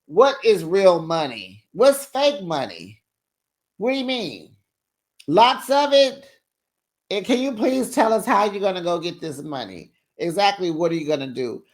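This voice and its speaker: A reality TV recap host giving sassy, animated, gossipy commentary and calling viewers honey and girl in a casual, chatty way. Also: mid-range voice, measured pace. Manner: talks in a breezy, chatty way.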